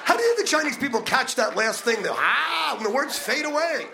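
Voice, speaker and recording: A male stand-up comedian with a brash, fast-talking manner, needling the crowd from a comedy club stage during a live set. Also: very high-pitched, expressive, creaky. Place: comedy club stage before a laughing audience. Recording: noisy live club recording.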